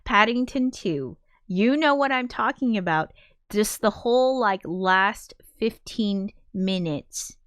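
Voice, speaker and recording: A woman's voice: medium pitch, animated, slow, a bit bright, no room sound, clean studio sound. A woman livestreamer chatting casually and emotionally, reading viewer comments, full of fillers and frank swearing. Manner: rambling and emotional, with many fillers and frequent swearing. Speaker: livestreamer and film composer.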